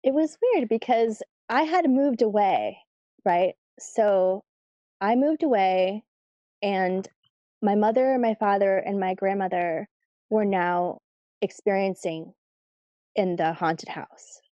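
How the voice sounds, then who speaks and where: A woman guest telling stories in a casual interview, chatty and lively when she quotes her family. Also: mid-range voice, slow, no room sound, muffled recording. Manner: chatty, animated when quoting family, laughs easily.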